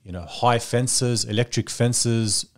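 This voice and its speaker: A man's voice: medium pitch, steady tone, slow. A man, a podcast guest telling stories in casual, rambling chat full of fillers. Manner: rambling storyteller, many fillers.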